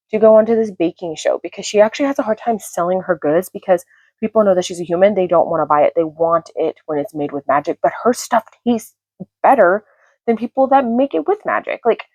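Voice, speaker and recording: A woman's voice: on the low side, a little mellow, no echo. A woman in her thirties, a book vlogger, chatting casually and gushing with many fillers, at first whispering so as not to wake her household. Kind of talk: casual chat.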